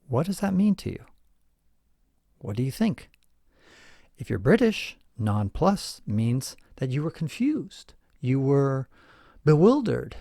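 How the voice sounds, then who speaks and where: A man's voice: fairly high pitch, creaky, a little mellow, no room sound, studio quality. A middle-aged man hosting a podcast, explaining points in a casual, emphatic way, asking listeners questions and chuckling now and then. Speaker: podcast host.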